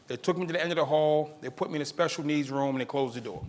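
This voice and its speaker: Animated male storyteller in a reverberant hall. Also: on the high side, fast talker. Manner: animated, acts out quoted voices; laughs at his own story. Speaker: keynote speaker. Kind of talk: storytelling speech to an audience.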